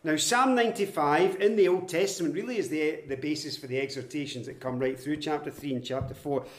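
A man's voice: fairly high pitch, fairly quick. A man preaching an expository sermon. He explains his points step by step in an earnest, emphatic way. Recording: roomy echoey hall.

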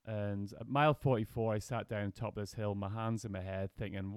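A man's voice: lowish voice, fairly even intonation, brisk, hardly any pauses, a little mellow, smooth, no echo. Chatty male podcast host, dry sound. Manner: chatty, laughs easily, swears casually. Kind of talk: casual interview chat.

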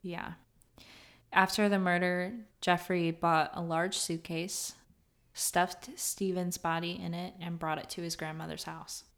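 A young woman with a fairly low voice co-hosts a true crime podcast. She reads the case details steadily, now and then breaking into nervous laughter. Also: little pitch movement, measured pace. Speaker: podcast co-host.

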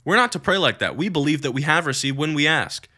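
A man's voice: on the high side, expressive, quick pace, pushed and bright. A man preaching earnestly to young people about prayer, with emphatic bursts. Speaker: youth preacher. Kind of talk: teaching on prayer.

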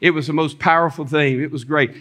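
A preacher man with a high voice tells testimony stories from the pulpit. He talks in an animated way, breaks into loud exclamations and chuckles, and leans on the crowd for agreement. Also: fairly quick. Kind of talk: sermon testimony.

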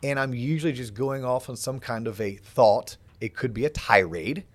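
A man's voice: medium pitch, normal speed. A man hosting a podcast, reflecting on and building on his guest's points in casual chat. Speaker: podcast host. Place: podcast studio set.

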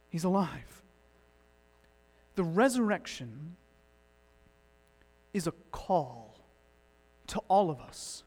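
A man preaching a sermon as pastor, swinging between loud emphatic lines and hushed ones. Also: on the high side, sing-song, slow pace, pauses often. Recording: long hall reverb.

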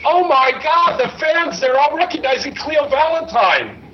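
A man's voice: extremely high pitch, animated, measured pace. A man hosting a live fan signing event in a store, joking and hyping up his guests. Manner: joking, hyped emcee. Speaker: event host. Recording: muffled, noisy live recording.

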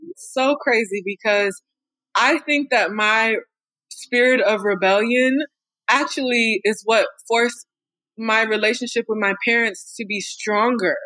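A woman's voice: a little high, sharp tone, no room sound. A young woman in an interview telling personal stories frankly and with animation, laughing often. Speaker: interview guest. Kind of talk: candid personal storytelling.

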